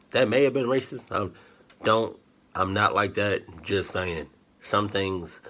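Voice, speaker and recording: A man's voice: low-pitched, fairly bright tone. A man hosting a reaction video who comments casually, rambling and backtracking on what he just said.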